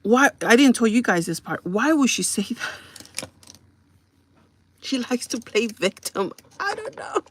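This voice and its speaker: A woman's voice: a little high, animated, a little slow, pauses often, a little hiss or hum. A woman live streaming, telling a long exasperated story to her viewers and checking in with them as she vents. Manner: exasperated, venting with repeated asides to the audience. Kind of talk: casual storytelling rant to viewers.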